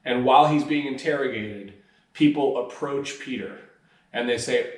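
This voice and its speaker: A pastor with a mid-range voice speaks at a moderate pace, preaching in church as if chatting and telling a story casually. He voices the quoted lines with animation, and the recording is distant and roomy.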